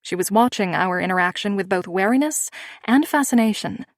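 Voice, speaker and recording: A woman's voice: medium pitch, animated, brisk, no echo, studio quality. Woman reading a romance audiobook. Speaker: audiobook narrator. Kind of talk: scripted first-person narration.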